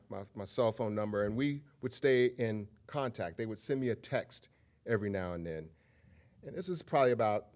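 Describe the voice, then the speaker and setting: A man giving a public lecture, telling stories and talking directly to the audience in a conversational way. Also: mid-range voice. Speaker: guest lecturer.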